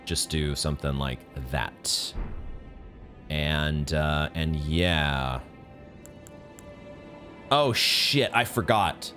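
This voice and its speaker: Deep-voiced man swearing through a boss fight. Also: extremely slow, long pauses, soft background music. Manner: swears often, bursts into high angry yelling. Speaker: gaming streamer. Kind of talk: live gameplay commentary.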